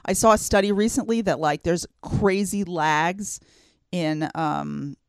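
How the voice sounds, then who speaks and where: A woman's voice: lowish voice, unhurried, smooth, dry recording. A woman co-hosting a talk show, speaking earnestly and conversationally, with frequent fillers as she thinks. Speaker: co-host. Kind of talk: casual chat.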